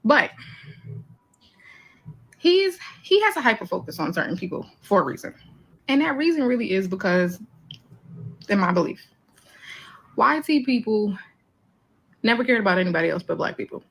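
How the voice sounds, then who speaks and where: A woman's voice: medium pitch, big pitch swings, normal speed, long pauses, husky, poor audio. A woman giving an emphatic opinion monologue, making numbered points in blunt, profane slang. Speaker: commentator.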